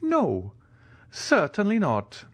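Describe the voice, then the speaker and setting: A man voicing an elderly Italian ex-major, timid and eager, in a high, quavering voice. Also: wildly swooping pitch, slow, breathy edge, no echo, exaggerated voice.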